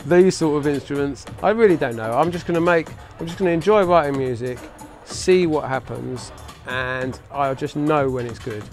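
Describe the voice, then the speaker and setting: A man's voice: on the high side, normal speed, few pauses, darkish tone. A man talking loosely as an interview guest about making electronic music, laughing often and imitating sounds with his mouth. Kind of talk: casual interview chat.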